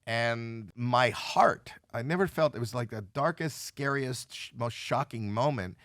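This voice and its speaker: A man's voice: mid-range voice, measured pace, fairly bright tone, dry recording, studio quality. A man in his sixties, a podcast guest, candidly retelling a painful experience, acting out the voices of the people in it. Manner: emotional, dramatic retelling with quoted voices. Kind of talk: candid storytelling.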